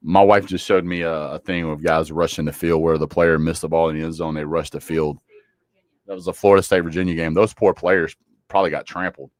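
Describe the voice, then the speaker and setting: This is a lower-voiced man, talking casually on a football livestream. He jokes and trash-talks bluntly, and his voice sits close and dry on the mic with no room around it. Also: level tone, brisk, no room sound. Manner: joking, blunt trash talk with a Southern drawl of words. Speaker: sports livestream host.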